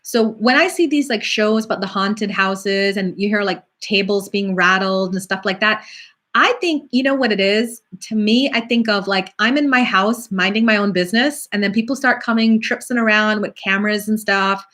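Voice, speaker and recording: A middle-aged woman, a psychic medium, talking casually on a live stream and answering viewer questions in a chatty, animated way. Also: medium pitch, moderate pace. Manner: chatty, animated, acts out quoted voices.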